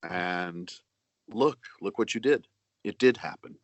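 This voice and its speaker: Middle-aged man, low voice, dry close sound; earnest, measured interview guest on a video call. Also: no room sound. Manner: earnest, measured, with many pauses and fillers. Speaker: actor and audiobook narrator, interview guest. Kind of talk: reflective interview answers.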